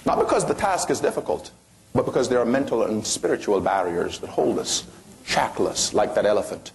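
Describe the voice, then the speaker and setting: A man's voice: on the low side, animated, a little fast, creaky. A man giving an impassioned motivational speech to an audience, pressing his points with rhetorical questions and sweeping rises and falls in his voice. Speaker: motivational speaker.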